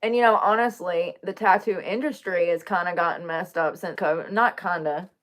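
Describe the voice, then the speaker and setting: A woman's voice: on the low side, moderate pace, a bit bright. Chatty joking woman vlogger. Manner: chatty, joking, swears casually. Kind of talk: casual chat to camera.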